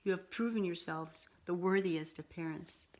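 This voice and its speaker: Mother Moonshower, a gentle moon spirit, as a woman reads her. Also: on the low side, normal speed, lightly acted. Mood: tender.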